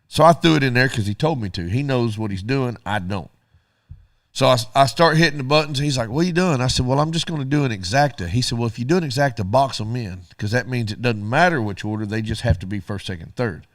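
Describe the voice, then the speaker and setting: A man's voice: medium pitch, fast, dry recording, studio quality. A middle-aged man, co-hosting a radio show and telling a story casually while acting out both sides of the dialogue.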